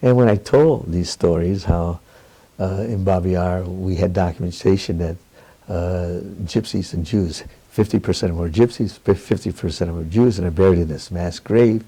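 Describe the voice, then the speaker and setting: An older man in a candid interview, telling stories in an animated way, quoting others and laughing often. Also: low-pitched, moderate pace, poor audio.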